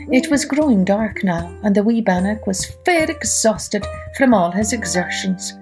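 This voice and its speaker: A woman hosting a children's storytelling podcast, reading a folk tale aloud in a lively, expressive way. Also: mid-range voice, a little slow, gravelly, faint music behind.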